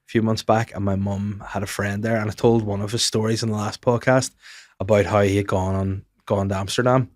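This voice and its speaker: A man's voice: lowish voice, no echo, clean studio sound. A man hosting a podcast, telling rambling anecdotes in casual chat. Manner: rambling anecdotal storyteller, quick and animated. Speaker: podcast host and comedian.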